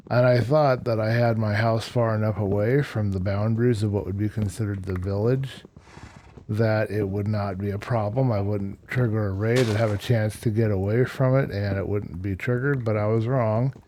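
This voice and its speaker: A man's voice: on the low side, mellow. A man casually narrating his gameplay as the show's host, chatty and rambling, with self-deprecating asides and a slight cough. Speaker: Minecraft let's-play host.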